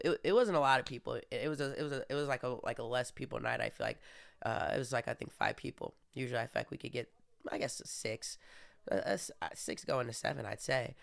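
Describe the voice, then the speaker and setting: Gravelly young man rambling. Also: medium pitch, fairly bright tone, no room sound, clean studio sound. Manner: rambling, frequent fillers and restarts. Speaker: podcast host. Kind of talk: casual monologue.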